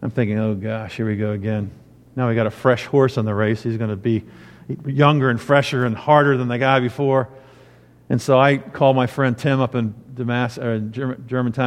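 Storytelling pastor in a reverberant church. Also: male voice, medium pitch, fairly even intonation, brisk. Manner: storytelling, rising to emphatic preaching. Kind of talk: sermon. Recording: long hall reverb.

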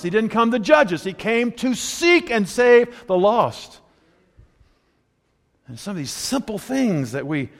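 Male pastor, sermon; conversational, wry, slightly higher voice, reverberant church hall. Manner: conversational, wry, animated asides.

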